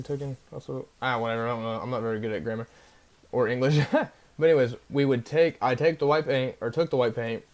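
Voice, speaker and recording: With a medium-pitched, slightly mellow voice, a young man rambles through a casual story for his vlog. Fillers crop up constantly, and he keeps checking in with "right?".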